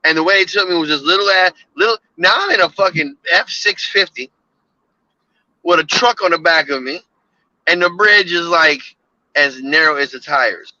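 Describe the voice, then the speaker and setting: A man's voice: a little high, normal speed, bright, forceful tone, no room sound, dull audio. A man from Florida, a tow truck driver, telling stories over the phone in casual profane talk with stammering restarts. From Florida, USA. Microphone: phone while driving.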